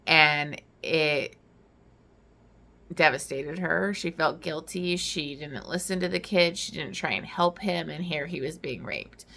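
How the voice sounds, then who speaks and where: A young woman reviews a book in loose, casual chat, peppering her talk with "like" and "um". Her voice sits fairly low yet sounds bright and forward, with a gravelly fry running through it. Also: measured pace. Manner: chatty, full of "like" and "um" fillers. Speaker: book vlogger.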